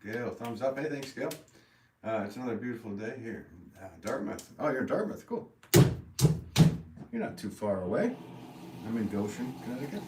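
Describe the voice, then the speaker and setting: A man's voice: medium pitch, lively intonation, a little fast. A man, a potter, chatting casually and self-deprecatingly with viewers during a live stream while he works. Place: pottery studio. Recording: echoey room, mic at a distance, background noise.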